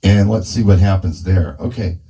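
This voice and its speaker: Man, casual gear-demo talker, low dark tone, handheld mic through a speaker. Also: normal speed, creaky, low-quality recording. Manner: thinking aloud while adjusting settings. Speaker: mobile DJ testing gear. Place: indoor room with a speaker. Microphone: handheld dynamic mic through a PA speaker.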